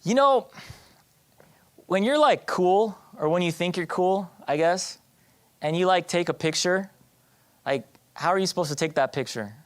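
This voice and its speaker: A man's voice: high-pitched, expressive, measured pace, long pauses. A man giving a personal testimony in church, talking conversationally with the audience and often restarting his sentences. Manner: conversational, addresses the audience directly; hesitant restarts with fillers.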